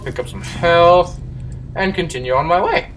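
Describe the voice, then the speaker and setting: A man talks through a horror game in a bright, slightly raised voice, slow in his delivery. He jumps and swears at whatever attacks him. He sits back from the mic, with faint game music behind him. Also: on the high side, recorded from a distance, slight background noise, rough recording. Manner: jumpy, swearing, yells at enemies. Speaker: let's play gamer.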